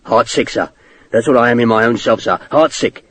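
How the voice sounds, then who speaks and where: A male narrator voicing a fawning, scheming army sergeant who talks in rough working-class grammar and keeps calling people sir. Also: mid-range voice, normal speed, fairly bright tone, close to an everyday voice. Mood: mournful.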